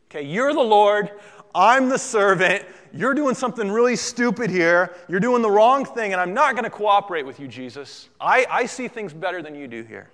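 A stubborn, proud disciple who talks back with brash indignation, as a preacher puts him on. The voice sits a little high and rings out with a long hall reverb. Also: male voice, sing-song, normal speed, few pauses, bright, forceful tone, full character voice. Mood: indignant. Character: the apostle Peter, stubborn, proud man.

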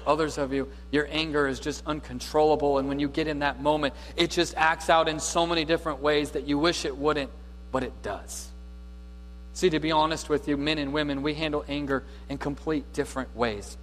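A man preaching a sermon as a pastor, with dynamic preaching that swings from loud to hushed. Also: fairly high pitch, a little fast. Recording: reverberant hall with faint mains hum.

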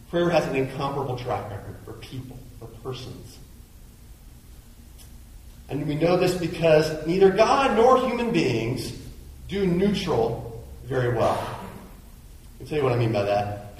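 A man preaching a sermon as pastor of a church, talking conversationally and acting out the voices in people's heads. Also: on the high side. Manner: conversational, acts out inner voices. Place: church sanctuary. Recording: very echoey hall.

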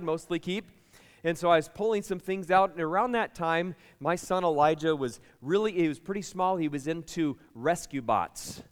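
Chatty pastor with a clear, resonant voice. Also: male voice, a little high, long reverb tail. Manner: lively, chatty storytelling with the congregation. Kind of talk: sermon with personal stories.

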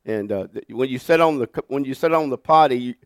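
A man, preaching as a pastor and telling a funny story in a folksy, animated way. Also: medium pitch, fast talker, no room sound, clean studio sound. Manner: folksy, animated storyteller who laughs through his stories. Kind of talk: sermon with storytelling. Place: church sanctuary.

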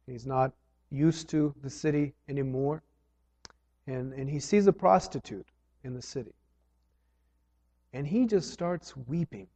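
A man preaching a sermon, earnest, rising loud on key phrases and dropping low between them. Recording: dull sound with long hall reverb.

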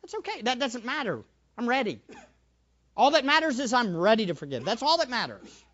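A male preacher giving a sermon, animated, acting out little scenes and repeating phrases for emphasis. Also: extremely high pitch, brisk, lo-fi sound.

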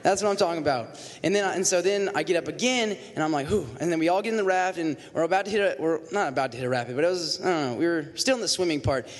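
A teenage boy quickly telling a group a story and acting out the quotes. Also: on the high side, big-room sound. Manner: fast, acts out quotes.

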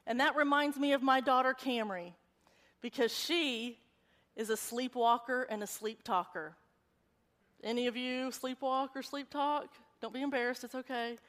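A woman in her forties preaches a church sermon at a normal pace, her voice high and bright. She's animated and conversational, slipping easily into storytelling. A long reverb from the large church hall rings around her words.

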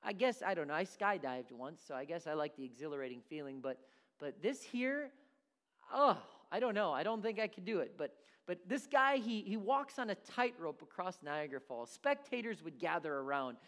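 A man preaching a sermon, animated and acting out characters in his stories. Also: on the high side, moderate pace. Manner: animated, acts out voices in stories.

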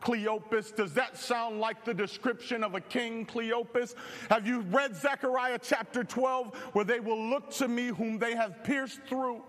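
A man with a very high voice preaches animatedly, shouting out now and then. His voice rings out with a long reverb, as in a large church hall. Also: fairly even intonation, unhurried. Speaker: pastor. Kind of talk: sermon.

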